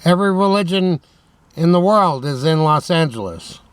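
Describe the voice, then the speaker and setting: A man's voice: a little high, animated, normal speed, clean tone. A man hosting a mock radio show from inside his van at night, talking casually and rambling with jokes to himself. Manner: rambling, joking, talks to himself. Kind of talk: casual late-night monologue. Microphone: camera on a tripod.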